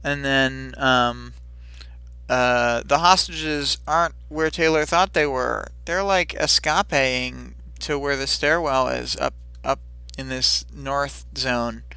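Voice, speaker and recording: Casual-talking man on a livestream recap, unhurried and rambling, with a crisp, dry sound. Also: medium pitch, steady tone, bright, forceful tone, no room sound. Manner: rambling, many fillers, quick silly voices for characters. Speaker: livestream co-host recapping chapters. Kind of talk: casual recap of a fight scene.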